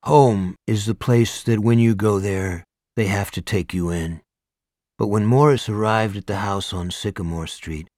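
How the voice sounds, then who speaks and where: Male audiobook narrator, low-pitched, dry and wry delivery, close and dry sound. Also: a little mellow, no echo. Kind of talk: scripted narration.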